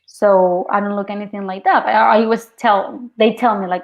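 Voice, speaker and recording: A woman's voice: medium pitch, moderate pace, muffled recording. A young woman from Mexico with a Mexican Spanish accent, an actress and guest, telling stories in a casual interview chat. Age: young adult. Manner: lively storytelling, quoting others, laughing often.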